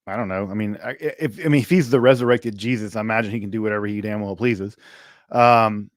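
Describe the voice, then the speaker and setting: A man's voice: fairly low pitch, fast, no echo, studio quality. A man from Mississippi, hosting a livestream Q&A and talking casually with lots of fillers and restarts. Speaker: host. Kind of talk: livestream Q&A chat.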